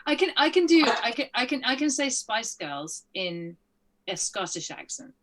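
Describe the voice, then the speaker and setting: Bright, giggly woman on a panel. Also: fairly high pitch, sing-song, normal speed. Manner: giggly, self-deprecating. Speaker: panel guest. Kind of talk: casual panel chat.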